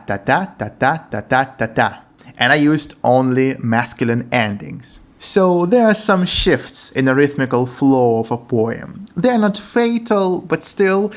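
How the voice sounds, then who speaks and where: Earnest man explaining poetry translation. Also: mid-range voice. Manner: earnest, enthusiastic, non-native English phrasing.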